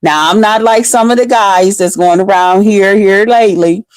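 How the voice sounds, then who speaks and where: A woman's voice: mid-range voice, normal speed, clear, resonant tone, no room sound. A woman talking to her viewers in blunt, profane, unfiltered casual commentary. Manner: blunt, profane, chatty, addresses viewers directly. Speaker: online commentary host.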